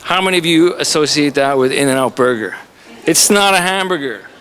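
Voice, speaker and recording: A college instructor from Canada, speaking at normal speed in a slightly high, a bit bright voice, jokes his way through introducing a visiting author. The chatty speech takes place in a college lecture room.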